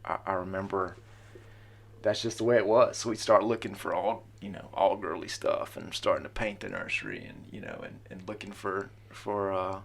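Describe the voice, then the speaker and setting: A man's voice: low voice, steady tone, normal speed, vocal fry. A middle-aged man casually telling the story of his family, rambling with lots of fillers. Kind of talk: personal storytelling.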